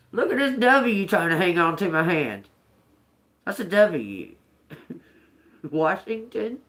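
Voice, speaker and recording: A woman giving a casual spiritual reading to a collective audience. She laughs often, swears freely and talks in a loose, streetwise way. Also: on the low side. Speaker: intuitive reader.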